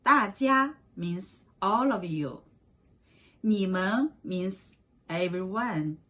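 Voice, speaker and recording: A woman teaching a beginner language class, slowly repeating short phrases for learners. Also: mid-range voice, animated, fairly bright tone.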